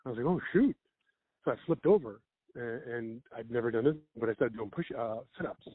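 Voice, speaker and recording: A man's voice: medium pitch, fast, breathy edge, no room sound. A man, a comedian guest, telling rambling stories in a casual chat with laughs and acted-out quotes. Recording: phone-like narrow band.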